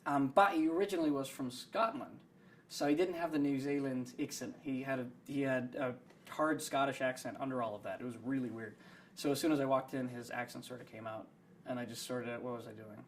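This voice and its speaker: A man's voice: mid-range voice, fairly quick, a little hiss or hum. A young adult man, an actor, talking in a behind-the-scenes interview in a rambling, self-deprecating way with many fillers.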